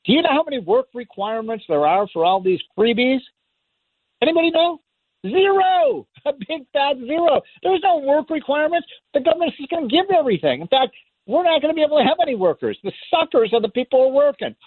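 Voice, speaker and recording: A man's voice: very high voice, very animated, fast talker, slightly rough, no echo. A man delivering an impassioned political monologue as a radio talk host, emphatic and sarcastic, hammering his points through repetition. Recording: tinny phone-line sound, dry.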